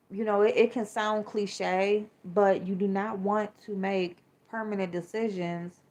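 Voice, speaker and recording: A woman, hosting a podcast and talking candidly and emotionally, with plenty of swearing and fillers. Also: mid-range voice. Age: 40s. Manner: frank, profane, emotional, many fillers. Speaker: podcast host. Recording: slightly dull lo-fi sound.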